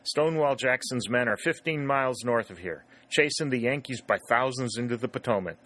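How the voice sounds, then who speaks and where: A man voicing a powerful middle-aged farm woman who speaks loudly and bluntly. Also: mid-range voice, brisk, pitched above the performer's own voice, close to an everyday voice. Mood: defiant. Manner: loud, exclaiming.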